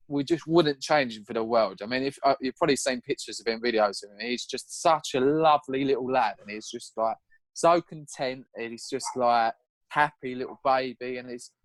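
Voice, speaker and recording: A young man telling his story in a casual podcast chat, animated and swearing now and then, acting out what he said back then. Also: mid-range voice, no echo. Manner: animated, acts out his own past lines in a raised voice. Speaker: podcast guest.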